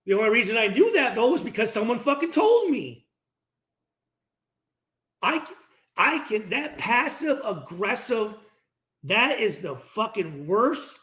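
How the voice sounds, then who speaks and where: A middle-aged man hosting a post-game reaction stream, ranting bluntly and profanely, acting out locker-room exchanges in quick voices. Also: high voice, sharp tone, roomy sound. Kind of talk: casual, profane livestream rant.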